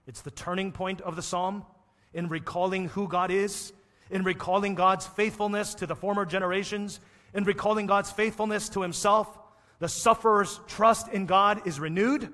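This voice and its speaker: A man's voice: on the high side, a bit bright, big-room sound. A man preaching a sermon as pastor, building his rousing points through repeated phrases.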